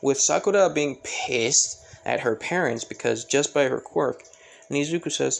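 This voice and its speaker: Man, gravelly voice, casual rambling narration, lots of fillers. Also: mid-range voice, moderate pace. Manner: rambling, filler-heavy, self-correcting. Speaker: storyteller. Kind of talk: casual fan-story narration.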